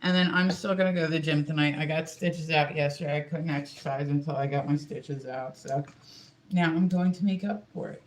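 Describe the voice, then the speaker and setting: A man's voice: a little high, fairly even intonation, fairly quick. A man chatting casually to viewers on a phone livestream, rambling with lots of fillers.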